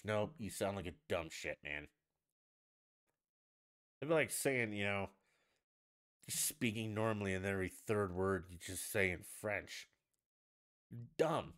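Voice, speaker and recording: Man, fairly low voice, casual stream host, blunt swearing rant. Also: measured pace, pauses often, a bit bright. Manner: profane, blunt, ranting. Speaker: livestream host. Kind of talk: casual ranting chat.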